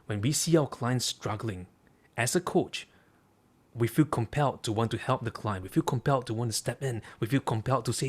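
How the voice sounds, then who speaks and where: A man's voice: medium pitch, brisk, breathy edge. A man, a coach, telling a story and drawing lessons from it with emphatic repeated phrases. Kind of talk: storytelling talk.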